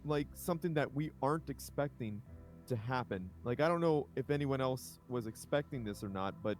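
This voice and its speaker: A man's voice: mid-range voice, expressive, moderate pace, darkish tone, faint music behind. Rambling, enthusiastic male co-caster. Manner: rambling, enthusiastic, self-correcting. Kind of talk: casual live-stream casting chat. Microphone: home microphone over an online voice call.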